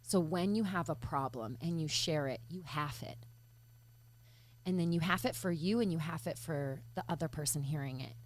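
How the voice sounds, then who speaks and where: A woman from Michigan speaking earnestly in an interview, reflective and searching, often pausing with fillers and restarting her thoughts. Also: sits low. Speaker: podcast guest.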